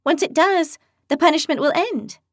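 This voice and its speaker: A woman's voice: high voice, animated, moderate pace, dry recording, clean studio sound, voice pushed up. A woman voicing a blunt, quarrelsome but brave young woman healer in a fantasy audiobook. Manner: blunt, spirited.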